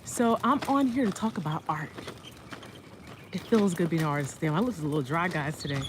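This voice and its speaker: On a walk outdoors, a woman vlogger and artist pushes a stroller and rambles casually about her art, laughing often and using a sing-song voice with her baby. Her voice is low-pitched and brisk, and the phone recording picks up a lot of outdoor noise.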